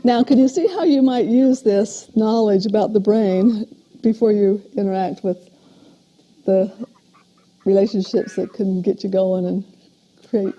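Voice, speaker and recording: An older woman, a parent educator, giving a steady, explanatory lecture on parenting in a recorded talk. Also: mid-range voice, unhurried, long pauses. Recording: dull lo-fi video playback.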